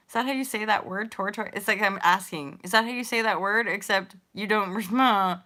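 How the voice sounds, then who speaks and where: A woman in her thirties hosts a casual spiritual livestream, rambling and giggling as she addresses viewers in the chat. Her voice has a medium pitch and moderate pace, with a pushed, bright quality.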